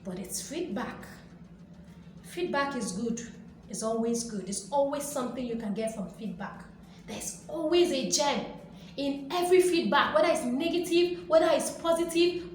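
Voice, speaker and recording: High-voiced woman in a very echoey room. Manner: emphatic, repetitive and playful, acting out quoted reactions. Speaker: motivational video host. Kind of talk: motivational talk to camera. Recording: very echoey room with faint background noise.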